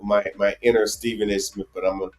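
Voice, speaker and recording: A man with a New Jersey accent co-hosting a casual travel live stream, rambling and animated with lots of restarts. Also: fairly low pitch, fairly quick, echoey room, faint music behind. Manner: animated, rambling, many restarts and "you know". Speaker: travel show co-host.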